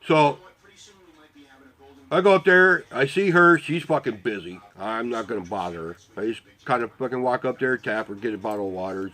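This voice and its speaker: A man's voice: mid-range voice, lively intonation, moderate pace, pushed and bright. A man in a casual storytelling mood, his talk packed with swearing and loose asides. He keeps slipping into quoted back-and-forth dialogue while recounting events. His voice sits in an ordinary middle register. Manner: profane, rambling, swears constantly; quotes himself and others in dialogue. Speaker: volunteer telling a story.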